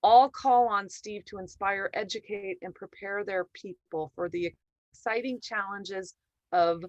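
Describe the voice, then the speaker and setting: A woman's voice: medium pitch, fairly even intonation, unhurried, dry recording, lo-fi sound. A woman hosting an online meeting, introducing the guest speaker with enthusiasm. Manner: upbeat, enthusiastic. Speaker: meeting host.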